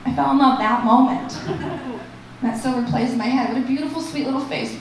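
A woman performing a stand-up comedy set and hosting the show, animated and shouting her punchlines in high bursts. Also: brisk, distant mic, background noise. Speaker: stand-up comic and festival host. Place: comedy club stage. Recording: echoey room picked up from afar.

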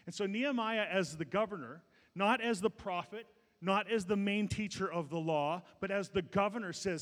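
A middle-aged male pastor preaching a sermon, swinging between loud peaks and quiet asides, with many restarts. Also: high-pitched, moderate pace, few pauses. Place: large church sanctuary. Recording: long hall reverb.

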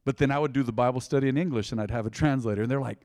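A man preaching a sermon in a church, conversational and joking, with big swings between quiet asides and loud emphasis. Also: rapid-fire, dry recording, studio quality, long reverb tail. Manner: conversational, joking, dynamic swings in pitch and loudness. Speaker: pastor.

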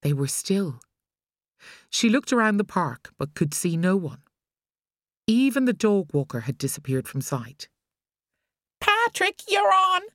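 Irish woman, audiobook narrator, low voice, slow, dry studio sound. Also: big pitch swings, no room sound. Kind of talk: scripted narration.

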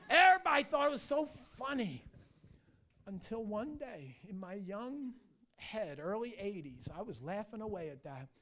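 A middle-aged man preaching a sermon in a church, telling stories with animated energy and frequent restarts. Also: sits high, normal speed. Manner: animated storytelling, restarts and stammers. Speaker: pastor.

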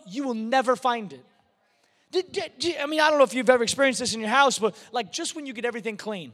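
A man's voice: extremely high pitch, lively intonation, brisk, fairly bright tone. A man preaching a sermon, emphatic and given to repeating words as he builds a point. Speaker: pastor. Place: large church hall. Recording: long hall reverb.

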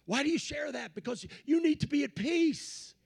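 A man preaching a Pentecostal sermon, swinging from low asides to shouted peaks and repeating phrases in a rhythmic build. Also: animated, normal speed, creaky. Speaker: pastor.

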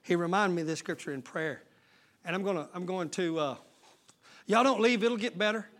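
Preacher guy, high bright voice, folksy sermon that builds to shouting. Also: fairly quick. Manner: preaching with sudden shouted surges and folksy Southern-style talk. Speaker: pastor.

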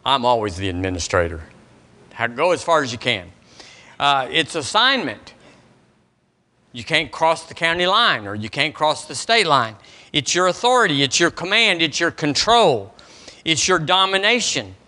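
A male pastor preaches with a bright, ringing tone. His pitch sits a little high and swoops widely as he drives his points home. He keeps turning to the congregation with questions. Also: normal speed. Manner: animated preaching, quizzes the congregation. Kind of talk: sermon. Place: church service.

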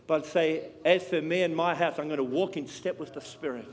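A man preaching a sermon with passion, swinging between loud and hushed. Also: fairly high pitch, a little fast. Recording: long hall reverb.

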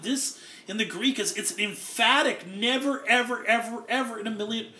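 A man gives an earnest expository sermon, working through the meaning of words. His voice sits high and sounds bright and forceful. The room around him is echoey. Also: normal speed, a little hiss or hum. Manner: earnest, explains Greek word by word. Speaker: preacher.

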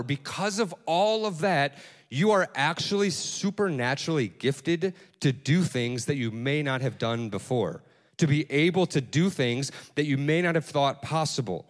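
Male pastor preaching in a reverberant hall. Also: a little high. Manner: conversational, repeats words, asks "right?" often. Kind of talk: sermon. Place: church hall. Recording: long church hall reverb.

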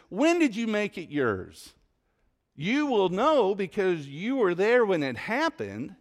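A man's voice: high voice, big pitch swings, slow pace. A man preaching a sermon to his congregation as pastor, repeating and varying his questions with dramatic emphasis. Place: church sanctuary.

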